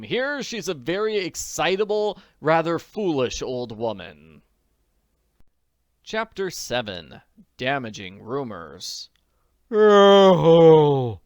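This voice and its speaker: Male audiobook reader, lively intonation, smooth clear voice, dry close recording. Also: medium pitch, no room sound. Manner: expressive, animated storytelling. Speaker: audiobook narrator. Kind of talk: audiobook reading.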